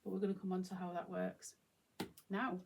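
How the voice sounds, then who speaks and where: A woman's voice: lowish voice, flat delivery, fairly quick, gravelly, darkish tone, slight background noise. A woman hosting her own channel, talking reflectively and informally to camera with plenty of fillers and restarts. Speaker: channel host. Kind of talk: reflective solo talk to camera.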